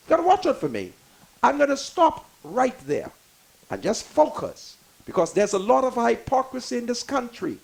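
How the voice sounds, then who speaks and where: High, gravelly older Bahamian man preaching his point. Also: rough recording. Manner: emphatic storyteller, preachy, rises into shouts. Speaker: guest. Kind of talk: talk radio discussion.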